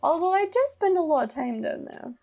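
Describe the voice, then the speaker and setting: A woman voicing a gruff, streetwise male raccoon trader in a game. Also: extremely high pitch, expressive, brisk, mellow, voice pushed up. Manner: streetwise, bossy.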